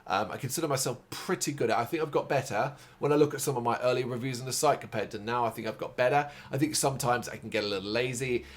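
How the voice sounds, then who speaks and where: A man's voice: mid-range voice, quick pace, few pauses. Rambling tired man talking off the cuff. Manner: rambling, goes off on tangents, casual swearing. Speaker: host of a music and games review site. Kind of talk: unscripted casual monologue.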